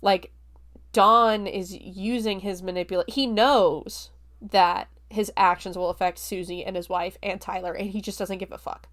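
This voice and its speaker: Woman, young adult, podcast host, casual film review, chatty, filler-heavy, mid-pitched voice. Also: a little slow. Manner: chatty, heavy use of "like", relaxed swearing.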